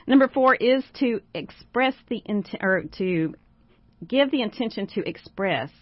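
A woman's voice: fairly high pitch, expressive, unhurried, dry recording. A woman guest life coach giving encouraging, step-by-step advice on gratitude in a casual talk. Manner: warm, encouraging, lists steps. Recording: dry dull lo-fi sound.

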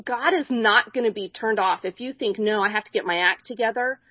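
A woman's voice: a little high, fairly quick, no echo, dull audio. A woman co-hosting a Bible discussion, speaking earnestly and emphatically, often restarting her sentences. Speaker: co-host.

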